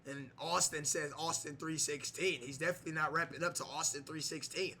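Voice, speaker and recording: Excitable man doing wrestling play-by-play on a game; high, bright voice. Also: fairly quick, slight background noise. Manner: excitable, shouts on big moves, many fillers. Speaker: gameplay commentator. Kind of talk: mock wrestling play-by-play over a video game.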